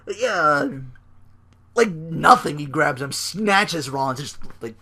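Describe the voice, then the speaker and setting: A man hosting a casual solo podcast, recapping wrestling with excitement, laughter and quick put-on voices. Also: on the high side. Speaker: podcast host.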